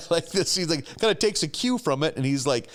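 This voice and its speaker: A man's voice: a little high, animated, moderate pace, fairly bright tone. A man in his thirties co-hosting a casual chat podcast, rambling through episode recaps with frequent laughter. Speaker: podcast co-host.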